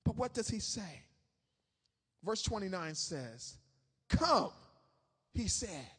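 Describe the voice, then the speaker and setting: High-voiced preacher, husky and bright. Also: male voice, sing-song, slow pace, in a large hall. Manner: swings from hushed scripture reading to shouted exhortation. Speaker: pastor. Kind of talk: sermon. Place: church sanctuary.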